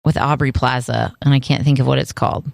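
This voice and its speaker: A woman co-hosting a podcast in casual chat, playful and animated, laughing often. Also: a bass voice, quick pace, creaky, no echo, studio quality. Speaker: podcast co-host.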